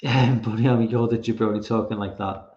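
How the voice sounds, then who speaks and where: A man's voice: fairly low pitch, steady tone, a little fast, darkish tone. A man who is not American, hosting a casual livestream, rambling and swearing with frequent restarts as he reads chat. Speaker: podcast host reading chat. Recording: roomy, slightly dull sound.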